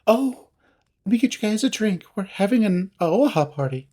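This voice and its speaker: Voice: mid-range voice, very animated, normal speed, dark tone, slightly rough, pitched above the performer's own voice. A reader voicing a giddy young cat woman with a childlike, bubbly manner and squealing greetings.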